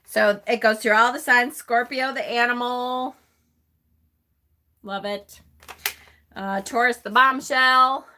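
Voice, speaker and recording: Bright-voiced woman chatting on a live stream. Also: a little high, steady tone, takes it slowly, long pauses, a little hiss or hum. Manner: chatty, laughs often, reads aloud and answers chat. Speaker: host of a tarot channel. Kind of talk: casual live-stream chat.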